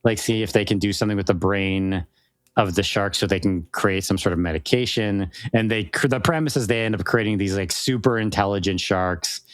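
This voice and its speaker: A man's voice: on the low side, fairly quick, no room sound. A man co-hosting a podcast, chatting casually and enthusiastically, rambling with many restarts and fillers. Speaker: podcast co-host. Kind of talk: casual chat.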